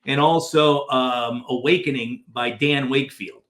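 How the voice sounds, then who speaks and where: A man's voice: mid-range voice, steady tone, measured pace, a bit bright, reverberant. A man, a guest author, telling stories animatedly in a podcast interview and acting out quoted dialogue in changing voices.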